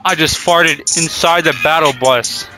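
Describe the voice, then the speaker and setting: A young man playing a video game with friends, trash-talking and yelling at his teammates. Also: fairly high pitch, fairly even intonation, unhurried, music in the background. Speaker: gamer. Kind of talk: casual gaming banter.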